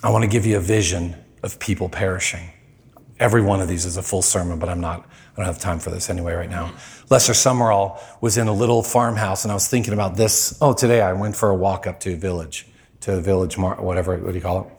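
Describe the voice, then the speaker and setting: Animated male preacher telling stories. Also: fast talker. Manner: animated storyteller, voice jumps high when quoting people. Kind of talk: sermon with storytelling. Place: church.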